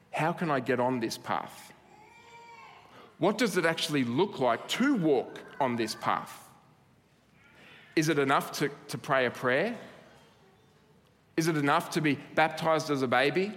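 A man's voice: a little high, a bit bright. A man preaching a sermon in an earnest way, building emphasis through repeated phrases. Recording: long hall reverb.

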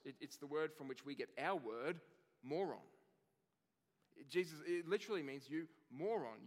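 Earnest male preacher in a reverberant hall. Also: mid-range voice. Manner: earnest, builds through lists with rising emphasis. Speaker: pastor. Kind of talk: sermon.

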